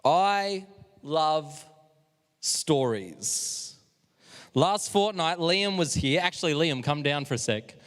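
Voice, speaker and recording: A man leading a live youth service, talking in an energetic, chatty, self-deprecating way. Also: medium pitch. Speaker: youth leader. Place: church hall, live stream. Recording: long hall reverb.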